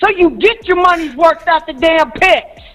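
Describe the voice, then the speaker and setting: A female caller on a sports talk show, ranting hard. Her voice is high, and she keeps raising it to a shout, repeating herself to hammer each point home. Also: moderate pace, faint music behind, poor audio. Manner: fired-up, shouting, repeats for emphasis. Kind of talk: heated call-in rant.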